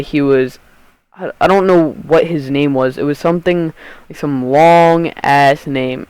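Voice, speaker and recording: A man's voice: a little high, smooth, no echo, low-quality recording. A teenage boy telling a rambling, profane storytime to his vlog audience, often cutting himself off mid-sentence. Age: teens. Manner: rambling, profane, self-interrupting. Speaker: YouTube storyteller.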